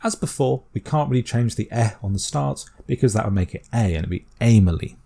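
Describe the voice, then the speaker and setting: A British man explaining a constructed language step by step in a calm, methodical tutorial voice. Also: mid-range voice, brisk, vocal fry, slightly rough. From Britain. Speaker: language teacher.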